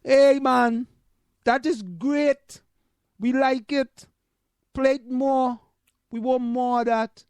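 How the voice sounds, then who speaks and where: A man voicing a cheerful, laid-back Jamaican man, with a Jamaican accent and a raised, drawn-out delivery. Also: very high-pitched, fairly even intonation, darkish tone, clear, resonant tone, no echo, voice pushed up, full character voice. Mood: delighted.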